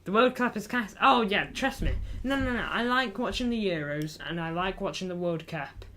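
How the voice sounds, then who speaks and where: This football streamer has a high, bright, forceful voice at a moderate pace, with slight background noise. Indoors against a green screen, he keeps things chatty and jokey, reading viewers' messages aloud and calling them lad.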